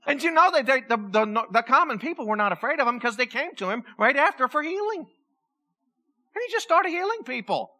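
A woman pastor preaching a sermon in church in a lively, joking way, acting out voices as she tells the story. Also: fairly high pitch, a little fast. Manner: animated, joking, acts out voices.

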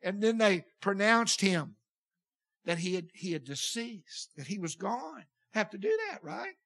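A man's voice: sits high, big pitch swings, measured pace, gravelly, a bit bright. An older man preaching, telling a personal story in a folksy, emotional way with frequent restarts. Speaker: pastor. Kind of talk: sermon storytelling.

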